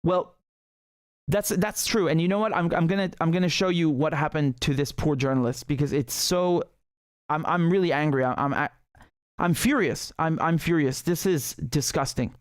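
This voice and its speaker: A man's voice: on the high side, moderate pace, dry recording, studio quality. A male host giving heated, emphatic political commentary on a livestream, often restarting his sentences.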